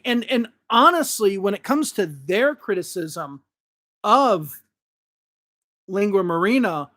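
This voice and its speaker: A man's voice: sits high, fairly bright tone. A man who teaches English, giving blunt, critical opinions in casual commentary to camera. He swears now and then and often repeats words as he restarts his sentences. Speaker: English teacher and channel host.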